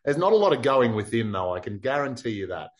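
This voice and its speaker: Animated Australian man telling a story. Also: mid-range voice, quick pace. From far north Queensland, Australia. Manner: animated, acts out quotes, many "like" fillers. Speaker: interview guest. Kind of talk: casual storytelling in an interview.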